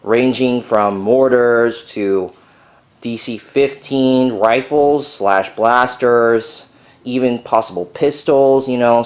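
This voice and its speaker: A young man giving a casual, rambling video update from his bedroom, with many fillers. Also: lowish voice. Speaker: Lego builder vlogger. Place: bedroom at home.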